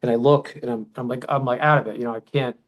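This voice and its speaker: A middle-aged man recounts a personal memory at length, his voice sitting in an ordinary middle pitch. He rambles and circles back, restarts his sentences, and bursts into loud quoted shouts of what people said. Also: fairly even intonation, fast, poor audio. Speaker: podcast guest. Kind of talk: emotional personal storytelling.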